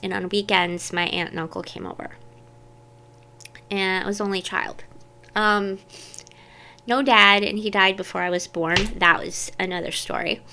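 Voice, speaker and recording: A woman's voice: mid-range voice, steady tone, moderate pace, pauses often, bright, forceful tone, a little hiss or hum. A woman vlogger telling personal childhood stories to camera in a candid, meandering way. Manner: candid, meandering, self-interrupting.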